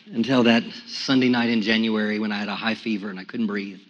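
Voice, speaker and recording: A pastor giving a sermon with a personal testimony, going from quiet, hushed telling to loud, high-pitched praise. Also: male voice, fairly even intonation, brisk, lo-fi sound. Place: church sanctuary. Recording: echoey church sanctuary.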